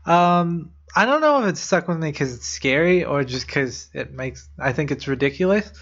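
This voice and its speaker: A man's voice: fairly high pitch, animated, moderate pace, fairly bright tone. A young man co-hosting a podcast, casually retelling urban legends in a rambling way with lots of fillers and blunt swearing. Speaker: podcast co-host. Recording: dull lo-fi podcast audio.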